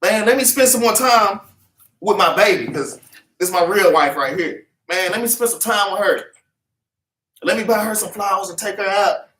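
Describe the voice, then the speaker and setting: His voice sits high with a fairly bright tone and a moderate pace as he teaches a Bible class to a meeting-room congregation. The man preaches fervently in repetitive street talk and has scripture read back to him, all caught on a distant mic in an echoey room.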